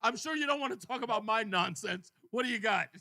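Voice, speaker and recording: A man hosting a call-in radio talk show, telling a story with animated energy and acting out both sides of a conversation. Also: high-pitched, a little fast, no room sound. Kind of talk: casual call-in radio chat.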